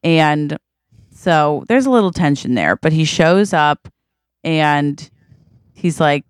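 A woman's voice: low voice, lively intonation, takes it slowly, clean tone, no echo, studio quality. A woman co-hosting a podcast, playfully improvising a romantic comedy story and acting out its lines. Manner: playful, acts out lines in a put-on voice. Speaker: podcast co-host.

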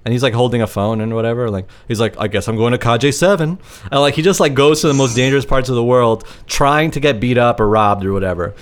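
Co-hosting a podcast from his apartment, this man talks at a quick pace in a medium-pitched voice. His chat is casual and rambling, packed with filler words.

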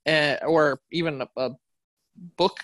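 A man's voice: a little high, takes it slowly, no room sound. A man co-hosting a podcast in casual chat, retelling stories animatedly and acting out quotes. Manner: animated storyteller, acts out quotes. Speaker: podcast co-host.

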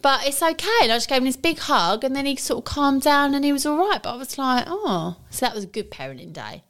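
A woman's voice: high voice, big pitch swings, fast, a bit bright. A woman, co-hosting a podcast and chatting as she retells family stories. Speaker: podcast co-host. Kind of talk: casual chat.

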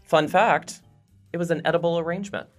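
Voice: medium pitch, steady tone, fairly quick, soft background music. A podcast host interviewing a guest in a casual, upbeat and playful way.

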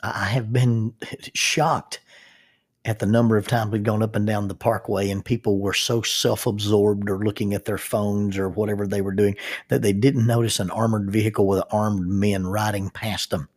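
A man's voice: fairly low pitch, little pitch movement, normal speed, darkish tone. A man giving a reflective spoken talk, thoughtful, with frequent restarts and rhetorical questions.

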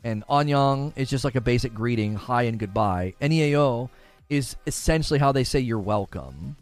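This male live-stream host talks at a moderate pace in a medium pitch, with faint music in the background. He's casual and chatty, reading chat messages aloud and laughing a lot.

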